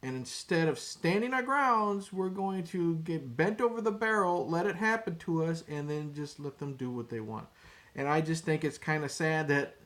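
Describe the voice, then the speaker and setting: A man's voice: fairly high pitch, a bit bright. A man ranting casually to camera as a vlogger, rambling, cursing and repeating his words. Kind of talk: casual opinion rant to camera.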